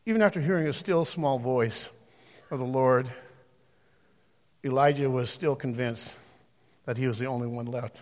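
A man preaching a sermon in a church, swinging between shouted exhortation and quiet reading of scripture. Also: medium pitch. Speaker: pastor. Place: church sanctuary. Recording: long hall reverb.

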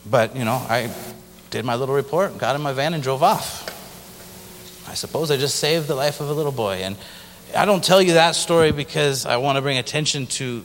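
The man's voice is mid-range, and a little hiss or hum sits under the recording. Telling his testimony as a missionary, he keeps it casual and story-like, at times imitating other people, all in the long reverb of a large hall.

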